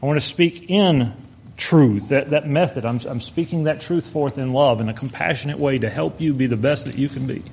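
Husky guy preaching, earnest, slows way down on the big points. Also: medium pitch, darkish tone. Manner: earnest, slows to stress points, quotes scripture. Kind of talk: sermon.

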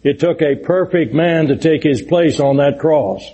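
A man's voice: on the high side, a little slow, warm tone, a little hiss or hum, low-quality recording. A middle-aged man preaching a Bible lesson, earnest and explanatory, stressing points emphatically and reading scripture aloud. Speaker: preacher teaching a Bible study. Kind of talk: sermon-style Bible lesson.

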